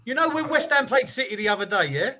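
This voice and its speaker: A man's voice: extremely high pitch, expressive, fast, a loud crowd. A man co-hosting a football podcast, teasing the others with jokey interjections in casual chat. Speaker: podcast co-host.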